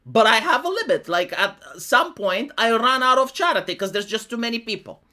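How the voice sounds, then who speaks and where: A man's voice: very high voice, expressive, brisk, sharp tone. A man from Romania, a live streamer who delivers political commentary as a monologue, full of sarcastic rhetorical questions he answers himself.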